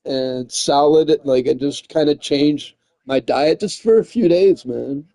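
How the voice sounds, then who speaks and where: This streamer has a slightly high yet mellow, dark and gravelly voice, speaking unhurriedly in a close, dry recording with no echo or room sound. He rambles through a loose, profane chat, dropping "man" and "dude" between thoughts.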